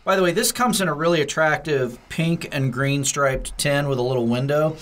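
A man's voice: on the high side, moderate pace, a bit bright. A man co-hosting a podcast, chatting casually as he explains a candy with many fillers. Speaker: podcast co-host. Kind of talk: casual food-tasting chat.

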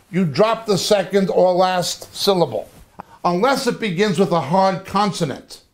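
A man teaching a lecture on biblical languages, slow and deliberate, repeating terms to drill them in. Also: high-pitched. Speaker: Bible teacher.

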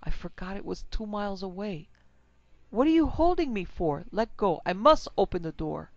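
A desperate old mother shrieks and pleads in a high, strained voice, as a woman narrator puts her on. Her cries carry a gravelly edge, heard through a dull, lo-fi recording. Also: big pitch swings, normal speed, dry recording. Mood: frantic.

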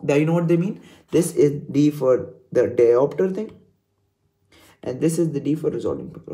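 A man's voice: on the high side, lively intonation, moderate pace, mellow. Chatty young man tutoring casually. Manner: chill, chatty, swears, addresses viewers as guys. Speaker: tutor explaining exam slides. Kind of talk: casual exam-revision lesson.

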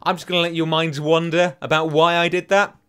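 A young man, chatty and excitable, hosting a casual game let's play and joking at his own expense. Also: a little high, a little fast, clean tone, faint music behind. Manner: chatty, excitable, self-mocking, sings silly chants. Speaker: gaming channel host.

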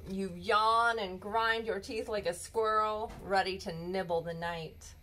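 A woman reading a children's bedtime story aloud in a gentle, expressive storybook manner. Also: medium pitch, measured pace, a little hiss or hum.

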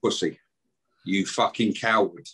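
A man's voice: deep voice, unhurried, fairly bright tone, slightly rough. A middle-aged man, guest on a podcast, ranting aggressively and swearing and taunting as he talks. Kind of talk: heated podcast rant.

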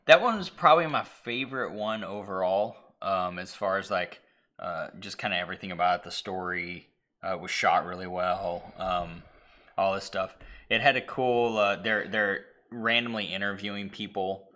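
A man co-hosting a casual talk stream, rambling through a film's plot and acting out its lines with sudden shouts and whispers. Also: deep voice, moderate pace. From Irish heritage (family, not place). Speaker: podcast co-host. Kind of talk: casual chat retelling a movie.

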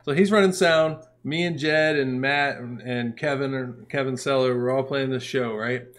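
A man's voice: mid-range voice, normal speed. A man casually telling a rowdy story on a podcast, swearing freely and laughing as he goes. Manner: profane, laughing, animated storyteller. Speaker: podcast co-host, punk musician.

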